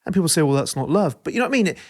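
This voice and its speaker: A man's voice: fairly high pitch, lively intonation, very fast. A man in casual podcast chat, reflective, swearing casually and quoting what people say. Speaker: podcast host.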